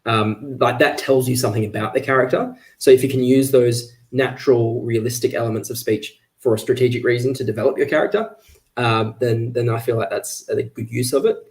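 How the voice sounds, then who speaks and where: A man of average pitch talks casually as a guest on a livestream, chatty and full of ums and restarts. He comes through a video call mic. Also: fairly even intonation, fairly quick. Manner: chatty, many fillers and restarts. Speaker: author guest.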